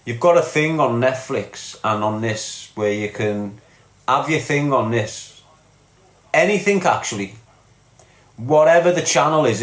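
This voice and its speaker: A man with a mid-range voice and a Liverpool (Scouse) accent chats casually on his livestream. He greets viewers and reads their comments out, blunt and sweary, addressing people as lad and mate.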